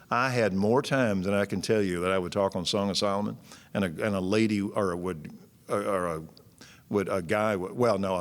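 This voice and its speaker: A man, preaching a sermon in a folksy, blunt and joking way. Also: on the low side. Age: 60s. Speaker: pastor. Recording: long church-hall reverb.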